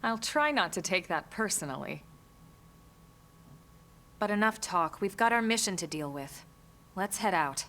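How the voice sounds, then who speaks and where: An actress playing a steady, capable squad leader who talks in a brisk, level-headed way. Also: female voice, medium pitch. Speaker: game character, squad leader. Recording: game audio with faint music.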